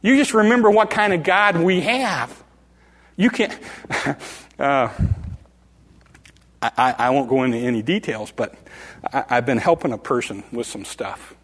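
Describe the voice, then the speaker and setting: An older man preaching a sermon, dramatic and animated, acting out voices from the story. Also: mid-range voice, a little slow, pauses often, big-room sound. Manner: dramatic, acts out the crowd and beggar in rising calls.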